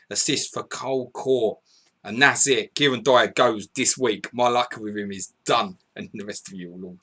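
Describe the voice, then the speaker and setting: A man hosting a live fantasy football stream, excitedly reading out scores and viewer messages, swearing and laughing as he goes. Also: mid-range voice. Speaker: podcast host.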